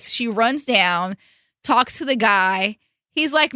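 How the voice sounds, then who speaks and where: A young woman hosting a podcast, telling a story in a casual, animated and emphatic way, with some swearing. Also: fairly high pitch, a little fast, dry recording, studio quality. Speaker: podcast host.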